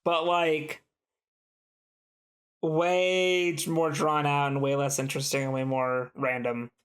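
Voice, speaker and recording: Higher-voiced man rambling through movie plots. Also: slow, clean tone. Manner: rambling, animated retelling of film plots with quoted voices. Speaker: podcast co-host. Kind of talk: casual chat.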